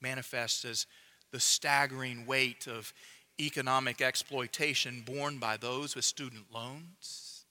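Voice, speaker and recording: A man preaching a sermon in a measured, emphatic way, dropping to a hush to drive points home. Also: mid-range voice, fairly even intonation.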